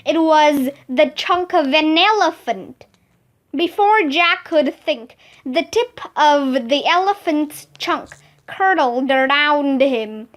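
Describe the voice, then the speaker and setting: A woman reading a children's book aloud as narrator, slow, careful and expressive. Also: high voice.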